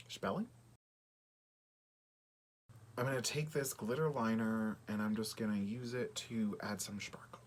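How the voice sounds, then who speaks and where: A man chatting casually through a makeup tutorial, often dropping to a soft half-whisper while he works. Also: mid-range voice, moderate pace. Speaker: beauty vlogger.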